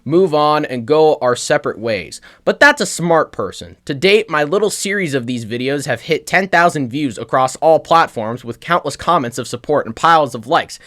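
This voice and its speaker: A young man giving stern, measured scripted narration in a warning tone. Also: on the high side, fairly bright tone. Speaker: video narrator.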